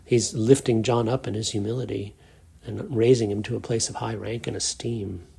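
Gravelly, husky male preacher. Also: fairly low pitch, steady tone, moderate pace, a little mellow. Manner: earnest, repeats phrases for emphasis. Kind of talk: sermon.

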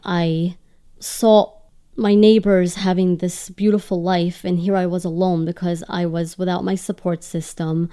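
A woman's voice: on the low side, warm tone, clean tone. A woman telling her personal story as an interview guest, in an earnest, emotional way.

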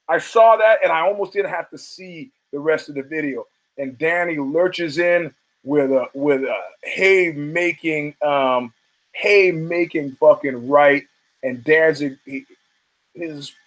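A man's voice: on the high side, rough recording. Swearing male podcast host telling stories. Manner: loose, swearing, acts out quoted voices. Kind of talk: profane storytelling monologue.

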